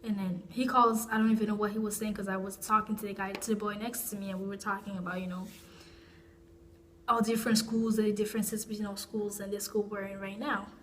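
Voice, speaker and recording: A woman's voice: medium pitch, level tone, a little fast, a bit bright, slight background noise. Chatty young woman vlogger. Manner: rambling, with frequent restarts and asides. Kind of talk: casual storytime chat.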